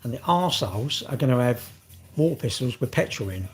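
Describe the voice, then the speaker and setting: A man's voice: mid-range voice, animated, brisk, faint music behind. A middle-aged man, rambling in casual vlog chat, swearing and joking. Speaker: vlogger.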